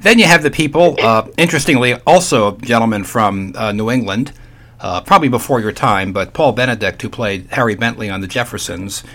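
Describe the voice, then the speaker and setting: A man's voice: mid-range voice, a little fast, a bit bright. An older man hosting a casual radio talk show, folksy and chatty with playful asides.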